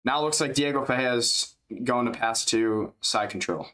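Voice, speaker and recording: A male livestream commentator calls a fight live at normal speed in a mid-pitched voice that spikes up on big hits. His casual play-by-play is loose, rambling and chatty, jumping with excitement at big strikes, yet at times he sounds drowsy and yawns.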